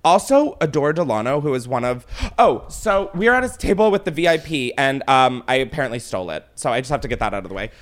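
A man's voice: medium pitch, fast talker, hardly any pauses. A young man hosting his own show, casually retelling a wild night out with lots of swearing and dramatic quoting. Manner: animated, swearing, dramatic retelling with put-on quotes. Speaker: podcast host. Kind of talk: casual storytelling chat.

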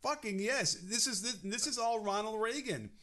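A man's voice: high-pitched, bright, forceful tone. Rambling male podcast co-host. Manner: rambling, halting, with frequent restarts. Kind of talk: casual political chat.

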